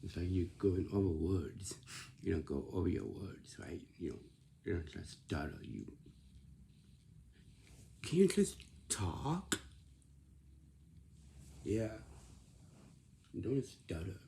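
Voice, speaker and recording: Slow, gravelly, husky-voiced man. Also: sits low, big pitch swings, warm tone, slight background noise. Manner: earnest, repetitive, instructing the listener directly. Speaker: presenter giving advice. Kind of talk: informal explanatory talk.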